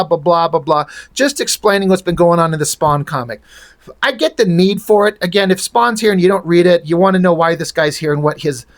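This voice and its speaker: A man reviewing comic books in casual, rambling chat, frank and swearing freely. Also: a little high.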